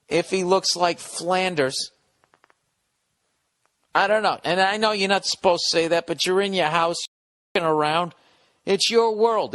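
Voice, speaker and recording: A man's voice: high-pitched, fairly bright tone, no echo. A man hosting a podcast, reading listener letters aloud and breaking in with blunt, profane comic riffs in a casual monologue.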